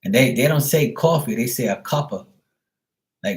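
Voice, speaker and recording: A Bermudian tarot reader and live streamer chats loosely, rambling, saying "like" constantly and swearing freely. His medium-pitched voice is animated, at normal speed, with a darkish tone, and the audio is poor.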